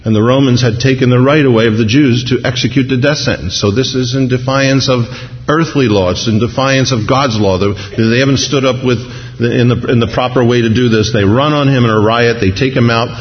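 A man preaching a sermon, telling the story in a lively way and acting out what people in it say. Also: mid-range voice, fairly quick. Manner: animated storytelling, acting out crowd voices. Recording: dull sound in a large reverberant hall.

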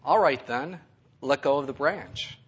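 A man voicing God speaking from heaven, steady and measured, with a husky tone. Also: mid-range voice, muffled recording. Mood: calm.

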